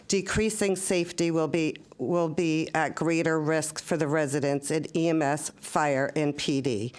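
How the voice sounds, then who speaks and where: A woman speaking as a resident at a town planning hearing, measured and deliberate as she reads back her earlier statement. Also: sits low, clear, resonant tone. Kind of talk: public comment at a town meeting.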